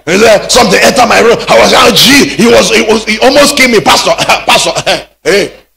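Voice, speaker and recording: A man preaching a sermon, rising into shouted peaks. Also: high voice, a little fast, vocal fry. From Nigeria. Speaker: pastor.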